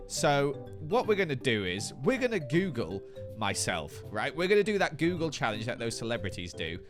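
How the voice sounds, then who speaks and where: A man's voice: mid-range voice, normal speed, over music. Guy doing silly self-mocking minecraft commentary, very bouncy voice. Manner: jokey, self-mocking, animated. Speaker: Minecraft YouTuber. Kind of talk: playful gaming commentary.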